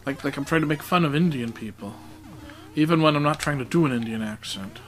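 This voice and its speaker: A man's voice: fairly high pitch, a little fast, faint music behind, rough recording. A man giving casual, joking commentary while playing a video game, with self-mocking asides. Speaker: let's play commentator.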